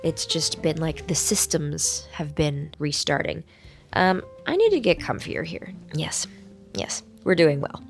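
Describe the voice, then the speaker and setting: A woman hosting a casual vlog from a hotel room, her voice hoarse while it recovers, chatting in a playful, rambling, self-mocking way. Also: low-pitched, animated, measured pace, faint music behind. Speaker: vlog host. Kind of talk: casual chat to camera.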